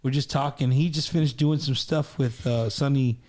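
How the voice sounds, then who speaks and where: This Texan host of a group talk show loudly spins a lengthy, rambling tale laced with profanity and frequent repetition. His medium-pitched voice is steady and a little mellow, at a moderate pace.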